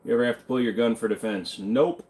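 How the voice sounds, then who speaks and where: A man's voice: mid-range voice, fairly even intonation, quick pace, darkish tone. A man hosting a live question-and-answer stream, talking in a loose, rambling way and swearing freely. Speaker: livestream host answering chat questions. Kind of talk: casual livestream Q&A.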